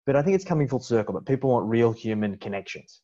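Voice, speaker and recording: A man's voice: mid-range voice, animated, quick pace, mellow. A man hosting a conversational interview, casual and friendly in manner. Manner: casual, friendly, says "mate". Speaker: interview host. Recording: dull lo-fi sound.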